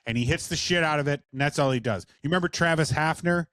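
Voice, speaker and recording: A man's voice: fairly high pitch, quick pace, a bit bright, no room sound, studio quality. A man co-hosting a casual chat, ranting with heavy swearing. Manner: profane, ranting. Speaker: podcast co-host.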